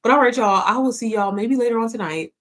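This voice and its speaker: A woman's voice: fairly high pitch, fast talker, fairly bright tone. A woman chatting casually on a livestream to her followers, playful and sassy, swearing freely and calling them sis and baby. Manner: calls listeners sis and baby. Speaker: online business coach.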